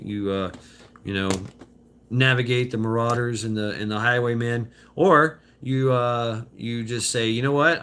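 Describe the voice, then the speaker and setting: A man in his fifties talks off the cuff with a bright, forceful edge to his voice, full of fillers, restarts and casual swearing. He chats with viewers while out walking, with a faint hiss of noise behind him. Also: medium pitch. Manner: loose, profane, halting with many fillers and restarts. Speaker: vlogger reading viewer chat. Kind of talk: rambling casual live chat. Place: outdoors on a walk.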